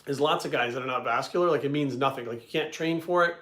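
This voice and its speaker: Blunt, profane man, coach type; rapid delivery, roomy echo. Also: medium pitch, a bit bright. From Providence, Rhode Island. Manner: blunt, heavy swearing, rambling asides. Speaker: bodybuilding coach answering questions. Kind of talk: casual storytelling and Q&A. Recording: echoey room.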